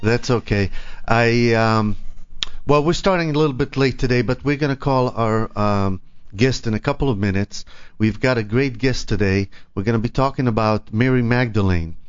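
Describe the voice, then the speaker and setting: A man's voice: medium pitch, normal speed, clear, resonant tone, no echo, soft background music. A male radio host chats casually on air, hesitating often and restarting his sentences. The studio sound is dry and close. The audio is dull and lo-fi. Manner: hesitant, many ums and restarts. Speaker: radio talk show host.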